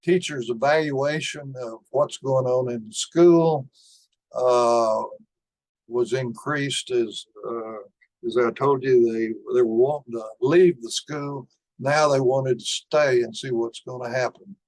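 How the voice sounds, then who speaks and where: An older man giving a conference lecture, talking slowly and deliberately through study results, with frequent pauses on "uh". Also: mid-range voice, steady tone, darkish tone, poor audio. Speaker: conference speaker.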